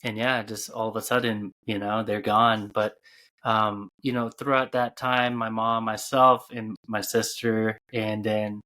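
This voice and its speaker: A man hosting a podcast interview who speaks in a soft, halting way, with many fillers. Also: lowish voice, level tone. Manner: soft, halting, full of "you know" fillers. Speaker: podcast host. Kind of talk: casual interview chat.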